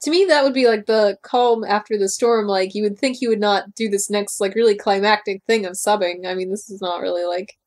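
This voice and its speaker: A young woman co-hosting a casual podcast, chatting and reading book passages aloud with animated voices. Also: mid-range voice, brisk, hardly any pauses. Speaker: podcast co-host.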